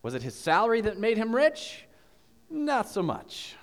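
A man preaching a sermon as pastor, telling a story with animated questions to the congregation. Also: high voice, a little slow, big-room sound. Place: church.

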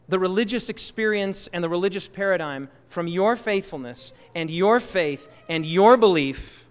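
A man preaching a sermon in a church, impassioned, swinging between loud emphatic bursts and soft, slow asides. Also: high-pitched, clean tone, big-room sound.

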